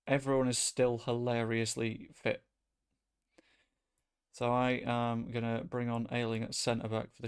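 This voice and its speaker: A man chatting casually as he streams a football management game, rambling and breaking into sudden excited outbursts. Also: medium pitch, creaky, clear, resonant tone. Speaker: gaming streamer. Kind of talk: casual gameplay commentary.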